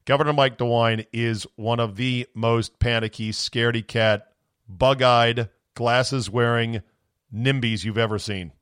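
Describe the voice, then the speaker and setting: A man's voice: medium pitch, fairly even intonation, measured pace, smooth, dry recording. A man hosts a sports podcast in a sarcastic, indignant rant. His voice is strained from screaming. He sounds close and dry, with no room around him. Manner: sarcastic, indignant, swings into shouting. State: voice going from screaming. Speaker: podcast host. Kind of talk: ranting sports talk.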